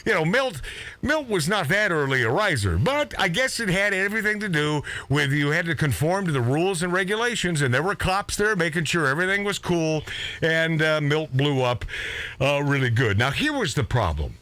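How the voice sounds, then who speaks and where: A middle-aged man hosts a radio talk show and tells a long, rambling story full of restarts and asides. His voice is bright and fairly high for a man, swinging widely in pitch as he gets animated. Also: moderate pace, dry recording. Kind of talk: casual storytelling chat.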